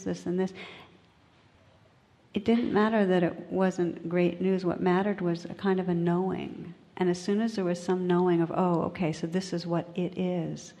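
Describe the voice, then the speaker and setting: Slow, mellow, gravelly woman teaching meditation. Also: fairly low pitch, big-room sound. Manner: gentle and unhurried, often dropping to a whisper. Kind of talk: dharma talk. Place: large meditation hall.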